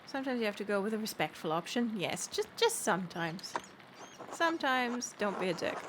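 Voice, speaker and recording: A woman's voice: medium pitch, big pitch swings, a little fast, noisy background. A woman casually commenting on a game she is playing, joking and reading bits of text aloud. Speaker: game streamer. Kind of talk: casual let's play commentary.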